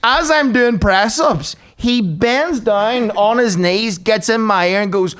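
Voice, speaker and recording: Man, podcast host, crude self-mocking storyteller, high voice. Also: a little slow, few pauses, a bit bright. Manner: crude, self-mocking, laughs through stories. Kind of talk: comic storytelling.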